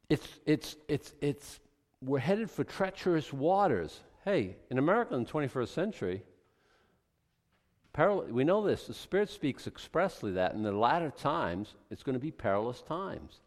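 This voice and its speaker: Animated preaching pastor in a reverberant church. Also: male voice, a little high, normal speed. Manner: animated, conversational preaching with sarcastic asides. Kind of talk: expository sermon. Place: church sanctuary.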